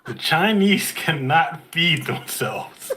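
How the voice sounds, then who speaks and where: A man's voice: on the high side, sing-song, takes it slowly, bright, forceful tone, a little hiss or hum. A man co-hosting a podcast among friends, mocking the recording and laughing. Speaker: podcast co-host. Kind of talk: casual chat among friends.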